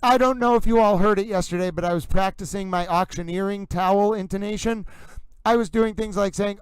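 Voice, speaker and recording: A theatrical man hosts a livestream recap in a higher-than-usual voice, smooth and resonant. He talks fast and speaks in ornate, grandiose phrases. The sound is dry and close, with no room around it. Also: fairly even intonation, no echo, low-quality recording. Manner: fast, theatrical, florid wording with grand flourishes. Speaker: livestream host. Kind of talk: animated livestream wrap-up commentary.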